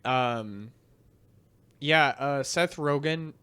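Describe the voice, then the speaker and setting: A man co-hosting a casual movie podcast, giving his opinions steadily with frequent pauses and filler sounds. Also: medium pitch, clear, resonant tone. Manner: steady, hesitant, lots of ums and uhs. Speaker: podcast co-host. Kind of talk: casual film review chat.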